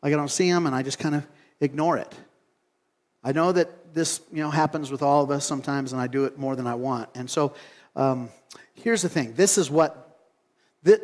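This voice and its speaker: A pastor preaching a relaxed, conversational sermon, telling on himself with frequent chuckles as he acts out a story. His voice sits fairly high for a man, and it rings out with a long reverb tail in a church hall. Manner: casual and self-mocking, laughing often, acting out the story.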